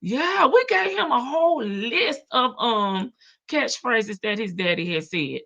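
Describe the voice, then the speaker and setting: Southern country lady streaming, gravelly and bright, laughs a lot, muffled lo-fi audio. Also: a little high, animated, a little slow. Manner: chatty, laughs often, drawls in a country way. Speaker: livestream reaction host. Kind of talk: casual live chat reading comments.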